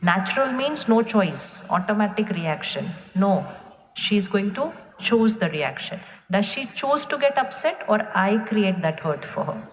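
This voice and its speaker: A woman's voice: medium pitch, big pitch swings, unhurried. A woman giving a spiritual talk to a live audience, asking them questions and waiting for their answers. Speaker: spiritual speaker. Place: large hall with an audience. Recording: echoey hall, faint room noise.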